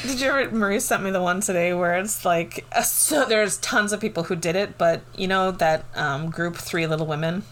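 A woman co-hosting a casual podcast, chatty and quick to laugh, jumping from one story to the next. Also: fairly low pitch, a bit bright. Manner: chatty, laughs often, jumps between stories. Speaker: podcast co-host. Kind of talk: casual chat.

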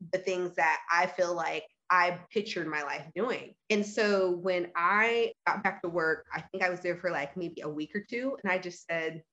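A woman in her thirties candidly telling a personal story in conversation, earnest, with quick bursts and many fillers. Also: on the low side, a bit bright, muffled recording. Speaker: guest sharing her story.

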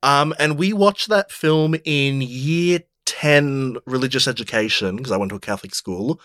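A man's voice: mid-range voice, normal speed, fairly bright tone, no room sound, clean studio sound. An Australian man on a podcast, telling a story in casual chat with many hesitations and restarts.

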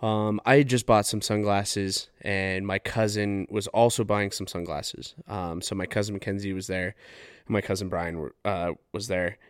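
This podcast host's voice sits on the low side, clear and resonant, with a level tone and normal speed, recorded in clean studio sound with no echo. He is a young man from Farmington, New Mexico, USA, rambling through funny stories from his home couch with lots of fillers and profanity.

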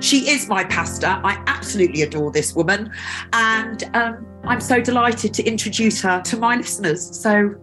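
A woman's voice: medium pitch, normal speed, over music. A woman hosting a casual podcast interview, chatty and effusive. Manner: chatty and effusive, laughing often. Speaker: podcast host.

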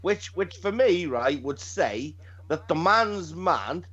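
Male podcast host, profane rambling chat; slightly high voice, muffled lo-fi audio. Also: animated, slow pace, a bit bright, husky. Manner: profane, rambling, hesitant restarts. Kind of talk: casual chat.

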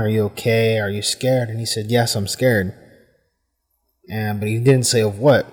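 A man's voice: mid-range voice, darkish tone, in a large hall. Rambling, thoughtful American man hosting a podcast. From United States. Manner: rambling, thoughtful, many "I mean" fillers. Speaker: podcast host. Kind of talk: casual reflective monologue. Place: hot room at home with fans running.

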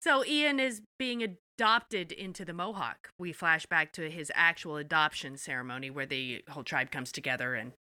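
A woman's voice: deep voice, moderate pace, hardly any pauses, sharp tone, no room sound, studio quality. A woman co-hosting a podcast, recapping an episode with enthusiasm and casual swearing. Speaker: podcast co-host.

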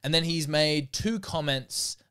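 A man's voice: a little high, unhurried, fairly bright tone, clean tone. A man hosting a casual interview, recapping the story with probing questions and laughing often. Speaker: podcast host.

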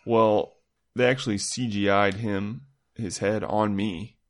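Man with a low, joking voice. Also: steady tone, slow pace. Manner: joking, playful. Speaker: podcast co-host. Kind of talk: casual podcast banter.

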